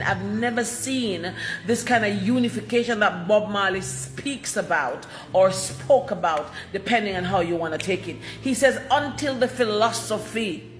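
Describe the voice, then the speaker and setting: A woman's voice: medium pitch, a bit bright, echoey room. A woman from Jamaica giving a fervent, declamatory video address with emphatic repetitions, recorded in a salon. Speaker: commentator.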